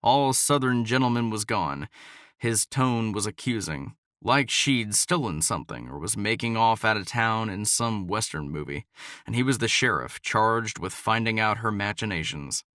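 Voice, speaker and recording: Low-voiced male audiobook narrator. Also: normal speed, no echo, clean studio sound. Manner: even, storytelling delivery. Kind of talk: scripted narration.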